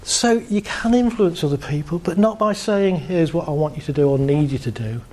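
A man giving a humorous, animated talk to a live audience, shifting his pace and voice for effect. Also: on the high side, normal speed. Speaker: speaker.

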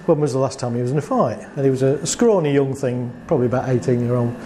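Talking fast in a mid-range, dark voice, a male therapist casually describes his work through client anecdotes. He acts out both sides of the conversations with rhetorical questions. A little hiss or hum sits under the recording.

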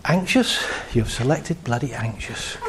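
A man playing the listener's own unconscious mind: a calm, deadpan male voice that takes every word literally. It answers in level, flat announcements. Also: mid-range voice, moderate pace, noisy background, voice pushed down, natural voice.

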